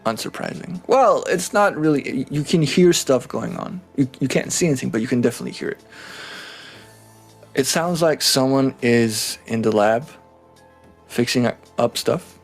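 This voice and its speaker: A man acting as game master narrates a tabletop game, joking, swearing and teasing his players as he laughs. His voice is medium-pitched, animated and breathy-edged at a normal speed, with soft music in the background.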